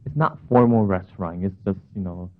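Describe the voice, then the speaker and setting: A man's voice: sits low, brisk. A man preaching in a conversational storytelling way, telling a personal anecdote with frequent asides. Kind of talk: storytelling sermon. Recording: tinny phone-like sound.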